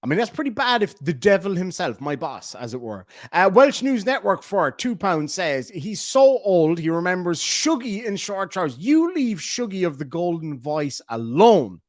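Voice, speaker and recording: A man's voice: high voice, very animated, normal speed, hardly any pauses, dry recording, clean studio sound. An Irish man with a cold hosting a casual live stream, reading chat messages aloud in a jokey, chuckling way. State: has a bad cold. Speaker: streamer host reacting to videos.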